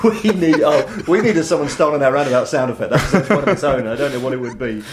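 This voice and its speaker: A man's voice: medium pitch, fast talker, a loud crowd. A married man hosting a fan radio show, joking and laughing as he reads out listener messages. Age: adult, married. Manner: jokey, laughs often while reading listener messages. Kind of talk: casual chat.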